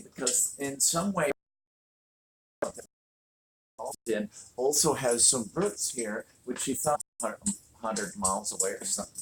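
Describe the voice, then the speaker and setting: A woman hosting a casual livestream from home, talking with many fillers and restarts. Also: rumbling low. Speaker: channel host. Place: home room with a fireplace.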